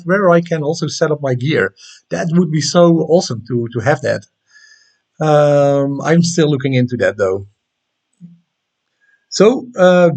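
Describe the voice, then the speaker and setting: Dutch guy doing a chill live stream, bit of a higher voice, lots of uh's, friendly with the chat. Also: darkish tone. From Netherlands. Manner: friendly, reads out viewer comments, frequent "uh" fillers. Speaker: astronomy livestream host.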